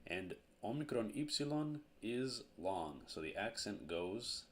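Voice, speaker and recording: A man teaching a grammar lesson at a board, slow and deliberate, repeating each verb form. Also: on the low side, sing-song, fairly bright tone, a little hiss or hum.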